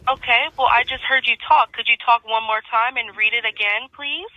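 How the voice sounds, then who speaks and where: A woman's voice: a little high, fairly even intonation, normal speed, dry recording. A woman working as a call agent who politely repeats herself with patient insistence over the phone. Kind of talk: scripted customer-service phone talk. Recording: dull, dry phone line.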